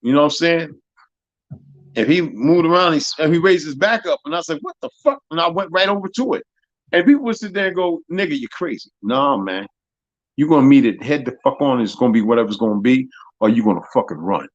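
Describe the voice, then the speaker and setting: A man hosting a live stream, telling stories in a profane, animated way that swings from loud to soft. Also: fairly high pitch, brisk, dry recording, lo-fi sound. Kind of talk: casual storytelling chat.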